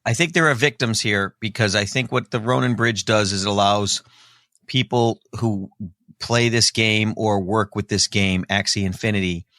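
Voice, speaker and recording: A man in a casual tech panel who gives blunt opinions and quick one-liners. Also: on the low side, bright, forceful tone, no echo, studio quality.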